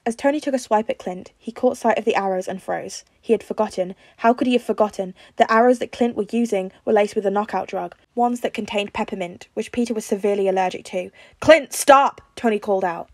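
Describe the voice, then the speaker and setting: A woman reads a fan fiction story aloud in an even, storytelling manner. Her voice sits at an ordinary middle pitch. The recording is close and dry, with no room sound. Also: quick pace, hardly any pauses, no room sound. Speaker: podfic reader.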